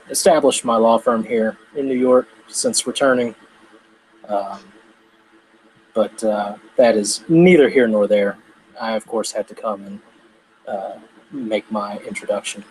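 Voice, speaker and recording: A man's voice: fairly low pitch, a little mellow, slight background noise, low-quality recording. A man voicing a polite, slightly awkward male werewolf lawyer with a formal way of speaking.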